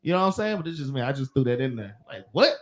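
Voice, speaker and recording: A man's voice: mid-range voice, sing-song, very fast, a bit bright. A man with a Southern US accent leading a religious class, telling loose slangy work stories and laughing. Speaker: class leader. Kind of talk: casual teaching chat.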